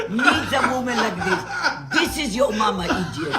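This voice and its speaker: A woman's voice: on the high side, big pitch swings, moderate pace, roomy sound, music in the background. A woman with a French accent who stumbles and repeats words as she tries to explain something. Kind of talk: rambling explanation in a viral clip.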